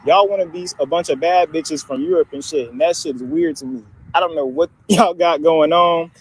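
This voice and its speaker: Male vlogger, profane casual rant, chuckles between points, somewhat raised pitch. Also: expressive, normal speed, slight background noise. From Africa. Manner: blunt, profane, laughs through his points. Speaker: social media video maker.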